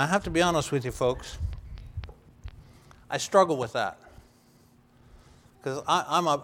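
A middle-aged man preaching a sermon as pastor, earnest and emphatic, with restarts and some throat clearing. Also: on the high side. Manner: earnest, emphatic, builds to loud stressed phrases.

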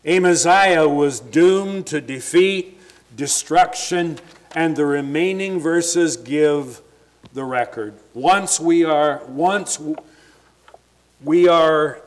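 A man's voice: fairly high pitch, takes it slowly. A man preaching a sermon, retelling scripture in everyday words and stumbling over restarts as he thinks aloud.

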